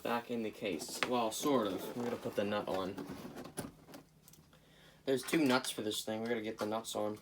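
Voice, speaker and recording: A man hosting a casual repair video, rambling and joking to his viewers as he works, often away from the camera and now and then breaking into loud bursts. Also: fairly low pitch, fairly even intonation, moderate pace, pauses often, noisy background. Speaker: hobbyist video host repairing a clock. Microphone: camera mic, speaker often away from camera.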